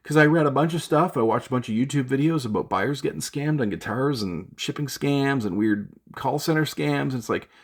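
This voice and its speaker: A man's voice: mid-range voice, normal speed, hardly any pauses. A man venting in an unscripted vlog from his home studio, rambling with fillers and restarts. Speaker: gear vlogger.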